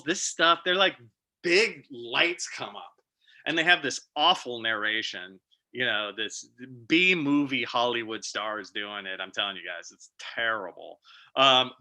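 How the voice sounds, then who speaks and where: Brief: middle-aged male presenter, very bright voice, lively and emotional storyteller. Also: medium pitch. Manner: animated, emotional storyteller with vivid sound effects. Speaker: guest speaker.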